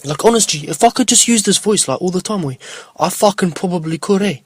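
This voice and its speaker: A swaggering young street bro, as a man puts him on, lazy and full of slang. The voice rides noticeably higher than the speaker's own, and the recording sounds close and dry with no room around it. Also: expressive, quick pace, slightly rough, no room sound. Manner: drawling, swaggering, peppered with slang.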